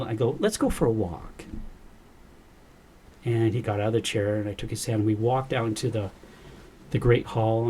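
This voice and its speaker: Speaking in a low, mellow voice, a male podcast guest earnestly tells a personal story from an interview, quoting the dialogue as he goes. A little hiss or hum sits under the recording.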